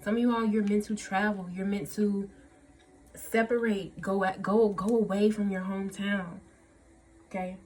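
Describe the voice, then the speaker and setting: A woman's voice: medium pitch, fairly even intonation, normal speed, darkish tone. A woman giving a casual tarot reading to her viewers, effusive and emotional, often checking in with "okay?" and "y'all". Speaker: tarot reader.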